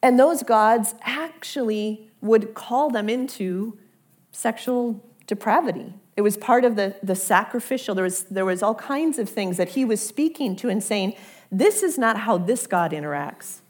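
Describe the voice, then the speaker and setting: A woman's voice: medium pitch, lively intonation, a little slow, a little mellow. A woman preaching a conversational sermon, often repeating words as she builds toward a point.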